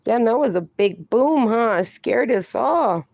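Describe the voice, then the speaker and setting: A woman hosting a casual phone livestream at home, chatting warmly with viewers and calling them darling and honey. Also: a little high, expressive, slow pace, creaky, no room sound. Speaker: livestream host. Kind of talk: casual livestream chat, reading chat aloud.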